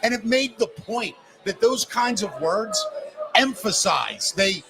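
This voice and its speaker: A middle-aged man hosting a casual talk show, an animated storyteller who cusses freely and acts out the people he quotes. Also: sits high, slow, creaky. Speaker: podcast host. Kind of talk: casual chat. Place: live broadcast at a bar. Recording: noisy bar with crowd.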